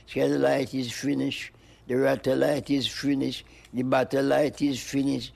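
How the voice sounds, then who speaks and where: A man's voice: medium pitch, level tone, unhurried, gravelly, darkish tone. An older man, speaking in rhythmic, chanted free-flowing poetry and wordplay. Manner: rhythmic, sing-song chanting with animal noises and laughs. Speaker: interviewee, music pioneer.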